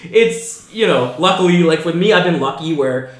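Man, podcast host, laughing and swearing, very lively pitch. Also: normal speed, roomy sound. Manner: animated, laughs often, swears freely. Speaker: podcast host, stand-up comedian. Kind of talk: casual chat. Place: room, drinking beer with guest.

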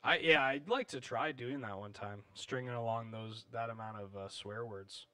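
Bright-voiced joking podcast host. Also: male voice, mid-range voice, normal speed, no room sound. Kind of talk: casual podcast chat.

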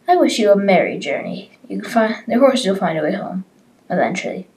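A woman's voice: mid-range voice, sing-song, fairly quick, a little mellow, a little hiss or hum. A woman playing a cheeky outlaw hero.

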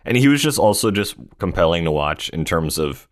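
A deep, low-pitched man co-hosts a relaxed podcast. He laughs easily and swears casually as he chats. The sound is dry and close, with no room around it. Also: fairly quick, dry recording. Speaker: podcast co-host.

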